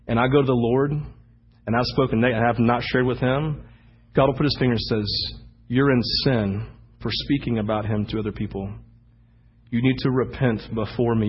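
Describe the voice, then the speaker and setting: A man preaching as the pastor, telling animated stories with sudden loud bursts. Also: mid-range voice, slightly rough, highs cut off. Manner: animated storytelling, acting out anecdotes with sudden shouts. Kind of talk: sermon.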